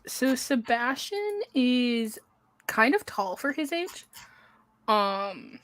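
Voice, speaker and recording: A woman's voice: on the high side, sing-song, a bit bright, poor audio. A woman describing her tabletop game character at an easy pace, with fillers. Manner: unhurried, with fillers. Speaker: player.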